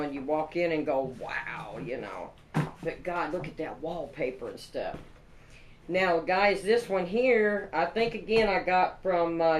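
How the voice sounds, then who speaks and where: A woman's voice: on the low side, roomy sound, slight background noise, low-quality recording. A woman from Kentucky with a Southern accent, chatting casually and folksily as she shows off her craft supplies. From Kentucky, USA. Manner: chatty, folksy, lots of "y'all" and "you know". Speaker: craft vlogger. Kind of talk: casual haul chat.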